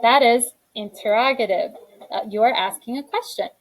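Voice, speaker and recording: A woman's voice: fairly high pitch, normal speed, poor audio. A young adult woman teaching a grammar lesson in a classroom, reading each exercise aloud and then explaining the answer.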